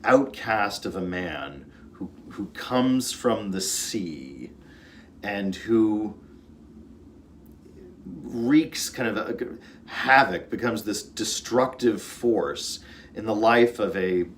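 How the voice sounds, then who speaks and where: A man's voice: lowish voice, lively intonation, takes it slowly, slight background noise. A man, an orchestra conductor, giving an earnest informal talk about music, storytelling with fillers and restarts.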